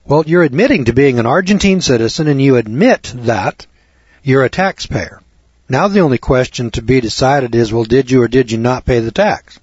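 A man's voice: medium pitch, moderate pace, a little mellow, breathy edge, dry recording. A man lecturing to students in a folksy way, piling up rhetorical questions and repeating them for effect. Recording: dull lo-fi recording.

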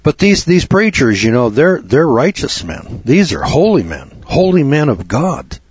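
A man preaching an informal sermon as a lay preacher, blunt and folksy with rough language. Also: medium pitch, big pitch swings, measured pace, highs cut off.

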